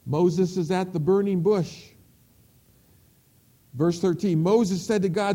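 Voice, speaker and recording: A male preacher delivering a sermon, storytelling with emphasis and dropping to a hush on key words. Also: sits high, takes it slowly, long pauses.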